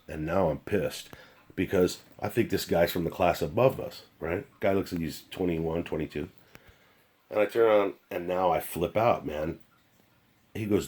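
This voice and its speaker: Husky low-voiced older man, blunt and profane. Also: fairly quick. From United States. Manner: blunt, profane, animated storyteller. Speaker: retired police officer telling stories. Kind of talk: casual storytelling.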